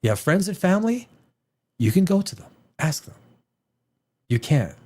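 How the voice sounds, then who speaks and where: Male host, a screenwriter, in a fired-up review rant: slightly high voice, lively pitch, halting restarts and profanity. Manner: animated, restarts often, swears, mimics dialogue. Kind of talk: ranting review chat.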